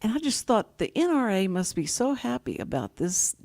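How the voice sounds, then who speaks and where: A woman's voice: medium pitch, sing-song, moderate pace, a little mellow. An older woman hosting a casual talk show, telling long rambling stories full of restarts. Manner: chatty, rambling storyteller with many restarts.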